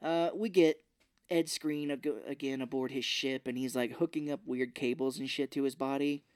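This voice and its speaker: A man's voice: medium pitch, moderate pace, clear, resonant tone, no echo. Guy recapping a movie on a podcast, acts out the lines, dry close sound. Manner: animated retelling with quoted voices and laughs. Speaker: podcast co-host. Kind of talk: casual movie recap chat.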